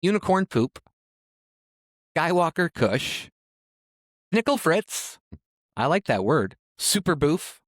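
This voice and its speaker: A man's voice: mid-range voice, dry recording, studio quality. A man co-hosting a podcast in casual chat, reading out odd names and adding wry asides. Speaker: podcast co-host.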